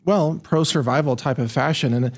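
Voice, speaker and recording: A man hosting a talk show from a studio, playful and easily excited. His voice sits a bit high for a man. He keeps the chat lively and friendly. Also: moderate pace. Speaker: show host. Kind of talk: casual studio interview.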